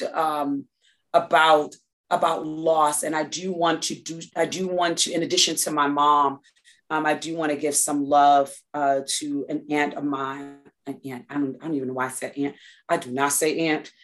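A woman's voice: low voice, steady tone, moderate pace, fairly bright tone. A woman from New York, a guest in a casual interview, talking in a reflective way with many restarts and fillers.

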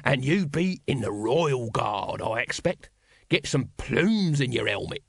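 Male reader as a slippery street salesman for an audiobook. Wheedling and pleasant, animated. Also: medium pitch, a little slow, vocal fry, slightly rough, no room sound, clean studio sound, full character voice. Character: shifty street trader, a pushy salesman.

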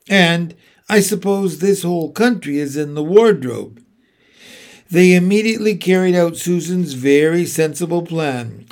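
A man reads a children's book aloud at a slow, unhurried pace. His voice has a gravelly edge, and his pitch rises and falls a lot, climbing higher whenever a child character speaks. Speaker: audiobook reader. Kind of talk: amateur read-aloud narration.

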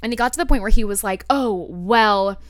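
A woman hosting a podcast, telling a personal story in a candid, animated way and swearing freely. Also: on the high side, very fast, no echo, clean studio sound. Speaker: podcast host. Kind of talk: casual storytelling monologue.

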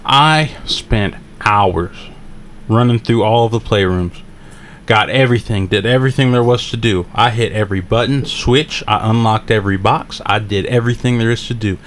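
Profane, animated man venting on a podcast. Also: lowish voice, normal speed, a little hiss or hum. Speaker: podcast co-host. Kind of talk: casual chat.

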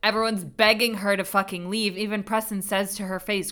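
A woman's voice: medium pitch, fairly quick, few pauses, a bit bright. A woman co-hosting a podcast, chatting casually and bluntly, swearing freely as she recaps a TV drama. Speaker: podcast co-host. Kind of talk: casual chat.

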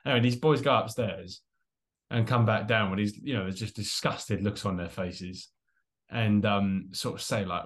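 Fairly quick and mid-range in pitch, this young adult man is a podcast co-host in casual conversation. He tells an animated story, laughing frequently and performing the quotes.

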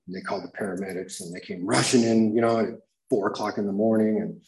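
Guy with a lowish voice telling his recovery story to a crowd, lots of "you know" and "dude", roomy echo. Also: steady tone, fast, a little mellow. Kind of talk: personal testimony to a live audience. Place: room with an audience. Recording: echoey room.

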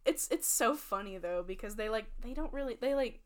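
A young woman co-hosting a podcast, chatting casually, playful and quick to giggle. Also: on the high side, lively intonation. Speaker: podcast co-host. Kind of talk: casual chat.

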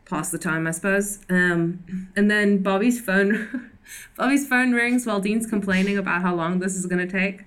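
A woman's voice: medium pitch, moderate pace, clear, resonant tone. A young woman co-hosting a podcast, recapping a TV episode in casual chat, with lots of fillers and laughter. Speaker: podcast co-host.

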